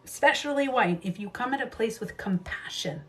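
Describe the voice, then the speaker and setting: A woman's voice: on the high side, animated, normal speed, fairly bright tone. A woman hosting a casual livestream who talks emphatically, repeats her phrases and swears freely. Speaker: livestream host and beauty coach. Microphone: livestream camera mic.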